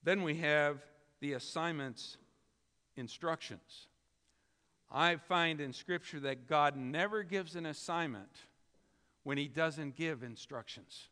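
Male preacher, high-pitched and crisp, emphatic storyteller, reverberant church. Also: takes it slowly, sharp tone. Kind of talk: sermon. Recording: reverberant hall.

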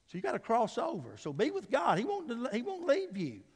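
Male pastor, high voice, preaches with big swings from hushed to loud, echoing church hall. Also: wildly swooping pitch, a little fast, slightly rough. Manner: swings from soft and low to loud and emphatic; calls out "Amen?" to the congregation. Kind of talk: sermon. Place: church sanctuary.

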